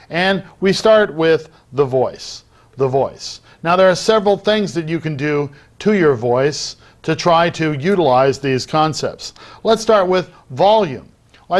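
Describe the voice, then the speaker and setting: A middle-aged man giving a recorded lecture on public speaking, acting out loud, soft, fast and slow delivery as he explains it. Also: fairly high pitch. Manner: demonstrates vocal techniques while teaching, varying loudness and pace. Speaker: debate lecturer.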